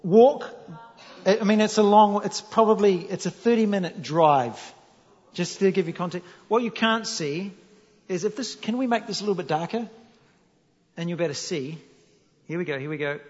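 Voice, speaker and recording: A New Zealand pastor with a high voice, speaking at normal speed in his native accent, preaches a sermon as a joking story. He's animated and playful, putting questions to the audience. The sound is dull and lo-fi, echoing around a hall.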